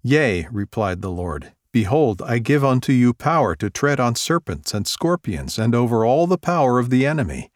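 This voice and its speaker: A man reading an old devotional text aloud in a measured, formal manner, citing scripture references. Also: mid-range voice, sing-song, dry recording, clean studio sound.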